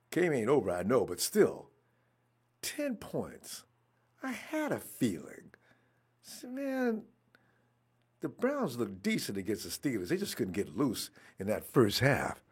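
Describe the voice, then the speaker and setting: A man reacting live to a football game, excitable, talking at the players on screen and trash-talking them. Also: mid-range voice, takes it slowly, pauses often, husky. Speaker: football fan watching a game.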